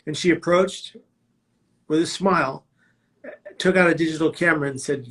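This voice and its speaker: A man's voice: on the high side, normal speed, a bit bright. A man telling his own life story as a prevention speaker, in a vivid, dramatic way with emphatic quoted lines. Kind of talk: personal storytelling talk.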